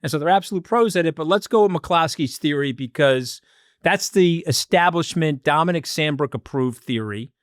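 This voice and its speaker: A man making his case as a podcast guest, emphatic and animated, with rapid bursts of argument. His voice sits a little high for a man. He is recorded close on a dry studio microphone. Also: dry recording. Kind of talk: casual podcast discussion.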